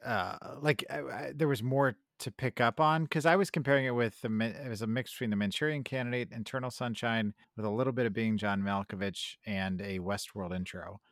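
A man's voice: medium pitch, steady tone, fairly quick, hardly any pauses, no room sound, studio quality. A man in casual podcast talk, rambling and searching for words. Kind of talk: casual chat.

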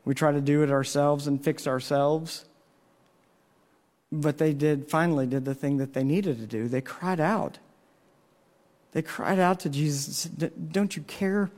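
Earnest man preaching, higher voice. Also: fairly even intonation, a little slow, long pauses, darkish tone. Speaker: pastor. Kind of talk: sermon.

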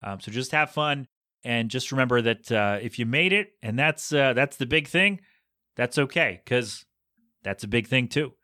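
A man's voice: medium pitch, expressive, normal speed, pushed and bright, dry recording, clean studio sound. A man hosting his own podcast, rambling casually and jokingly on his own. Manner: chatty, jokey, rambling. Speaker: podcast host.

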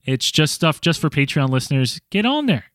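A man's voice: fairly high pitch, big pitch swings, brisk, a bit bright, no room sound, clean studio sound. A man co-hosting a casual podcast, reading out listener reviews and plugs in a laid-back way. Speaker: podcast co-host.

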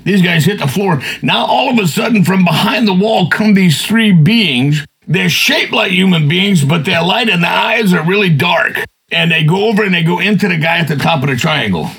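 A man's voice: high-pitched, animated, moderate pace, gravelly, a bit bright, breathy edge, low-quality recording. A man telling a long personal story in a folksy, rambling way, often throwing in "man" and "you know". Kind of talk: casual storytelling.

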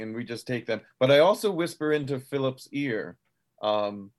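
A man playing a tabletop game, chatting casually with halting, restarting sentences. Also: mid-range voice, lively intonation. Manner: halting, many fillers and restarts.

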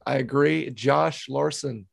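A man hosting a fan podcast, upbeat and casual, running quick games and dropping in sponsor plugs. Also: medium pitch, gravelly. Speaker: podcast host. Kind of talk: casual interview chat.

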